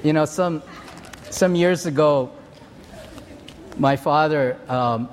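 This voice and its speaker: An older man from Hawaii preaches, his voice sitting a little high for a man. He talks in an earnest, measured way, moving through stories and scripture. The sound carries a long, ringing reverb from a big hall. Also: slight background noise. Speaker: pastor. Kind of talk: sermon.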